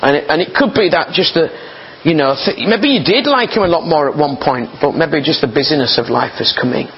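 Earnest preacher, muffled recording. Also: male voice, fairly high pitch, expressive, a little fast, a little hiss or hum. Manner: earnest, conversational, often repeating words. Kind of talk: informal sermon. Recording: slightly dull, muffled recording.

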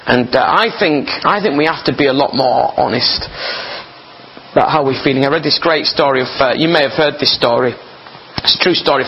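A man preaching informally, reading scripture aloud and stopping often to comment in a chatty, digressive way. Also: medium pitch. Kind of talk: informal sermon with Bible reading. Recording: slightly dull sound with faint noise.

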